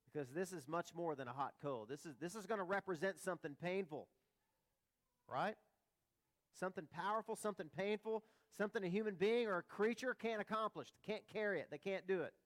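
A man's voice: sits high, brisk. A man preaching a sermon in a conversational way, with rhetorical questions and humorous asides. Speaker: pastor.

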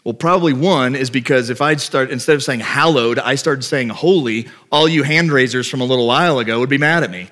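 Preaching to his congregation in church, a pastor delivers a conversational sermon, explaining points and posing rhetorical questions. His mid-range voice is fairly bright and brisk, with few pauses.

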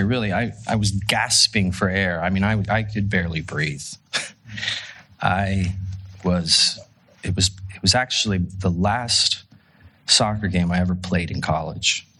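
A man's voice: sits low, sharp tone, breathy edge. A man giving a sermon as a pastor, telling a personal story in a joking, conversational way with many restarts.

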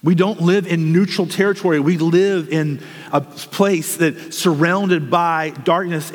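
A man's voice: on the high side, big-room sound. A man preaching a sermon as a pastor, earnest and urgent, telling vivid stories.

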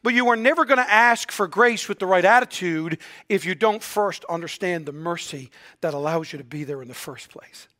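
A male pastor preaching a sermon earnestly, often dropping to a hushed, quiet delivery. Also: high-pitched, normal speed.

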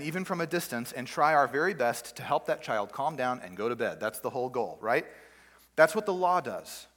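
A pastor preaching a sermon in a church room, talking conversationally with rhetorical questions and everyday examples. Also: male voice, on the high side, fairly bright tone. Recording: long hall reverb.

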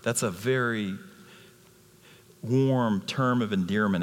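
A man preaching a sermon as a guest speaker in a church, animated, acting out the people he quotes. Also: medium pitch, a little slow, long reverb tail. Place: church sanctuary.

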